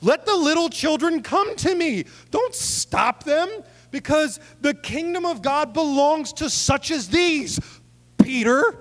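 A man's voice: very high-pitched, expressive, takes it slowly, a bit bright, pitched above the performer's own voice, exaggerated voice. A man voicing Jesus calling the little children to him, raising his voice and drawing out the words. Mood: indignant. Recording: long hall reverb.

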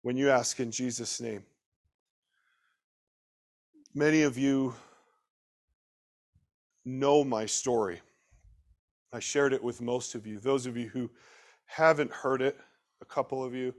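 A man preaching a sermon, swinging between loud emphatic bursts and quiet, slowed asides, and putting questions straight to his listeners. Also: medium pitch, fairly even intonation. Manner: talks directly to the listeners with questions.

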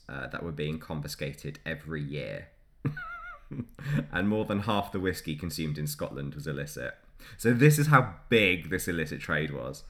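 A man's voice: sits low, fairly bright tone. A man hosting a podcast, telling history in a loose, chatty way and laughing often between facts. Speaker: podcast host. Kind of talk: casual history podcast chat.

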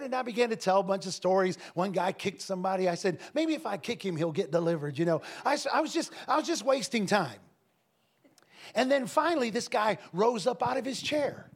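A man preaching a sermon to a congregation, telling stories emphatically and breaking into shouts and laughter. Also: sits high. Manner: emphatic, swings into shouting and laughter, lively storytelling. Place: church service with a congregation.

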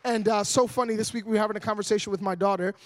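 A young man preaching a sermon as a guest evangelist, joking with the congregation and building up to loud, energetic preaching. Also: high-pitched, very fast.

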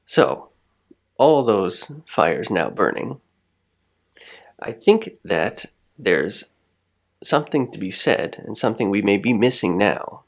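Gravelly low-voiced man musing aloud. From United States. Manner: thoughtful, rambling with restarts and soft laughs. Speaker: podcast co-host. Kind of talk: reflective casual chat.

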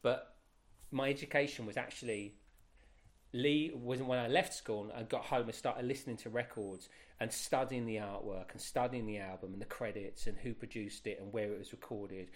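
A man in his fifties speaks at normal speed in a medium-pitched voice. As a guest, he tells a long personal story in a casual, rambling fashion, animated and correcting himself repeatedly as he goes.

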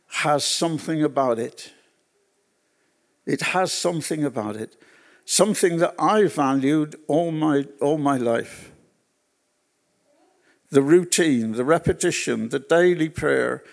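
Guy preaching, takes his time, bit of a higher voice with some gravel in it, tells stories and repeats lines. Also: expressive. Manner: unhurried storytelling, repeats phrases. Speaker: pastor. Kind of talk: sermon with personal stories.

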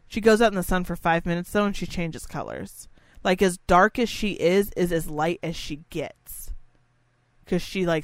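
Woman gossiping bluntly, lots of swearing, smooth clear voice, dry close sound. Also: lowish voice, no echo. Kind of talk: casual chat.

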